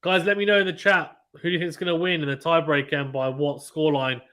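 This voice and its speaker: A man calling a match live on a stream in casual play-by-play, getting excited and reading out viewer chat. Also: on the high side, quick pace.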